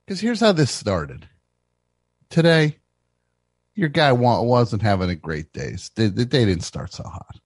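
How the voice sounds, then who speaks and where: A man hosts a comedy radio show from a studio mic, riffing brashly and jumping between mock yelling and low mutters. His pitch swings widely and animatedly. The room sound is dry and close. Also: very animated, slow, long pauses, no echo. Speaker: host.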